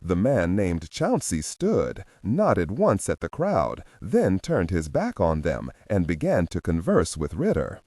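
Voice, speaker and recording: A man narrating an audiobook thriller in an expressive read. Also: sits low, takes it slowly, few pauses, breathy edge, no echo, studio quality. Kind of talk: scripted narration.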